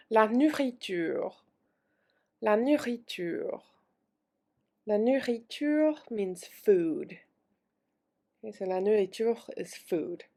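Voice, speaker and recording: A woman teaching French vocabulary, repeating each word slowly and then explaining it in casual English. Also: mid-range voice, vocal fry. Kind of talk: vocabulary lesson.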